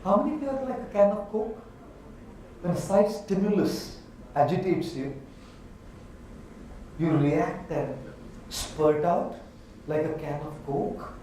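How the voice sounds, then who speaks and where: A man with an Indian accent giving an animated motivational talk to a live audience, asking them questions as he goes. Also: high voice, measured pace, pauses often, a little hiss or hum. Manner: animated, asks the audience questions, uses props. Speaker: motivational speaker. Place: large hall with a live audience. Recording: echoey hall from far off.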